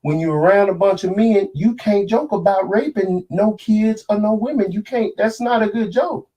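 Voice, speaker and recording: A man's voice: high-pitched, moderate pace, warm tone. A man ranting on a podcast, angry and preachy, cursing freely as he makes his case. He sits a little back from the microphone, so his voice sounds slightly distant. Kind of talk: heated casual podcast talk.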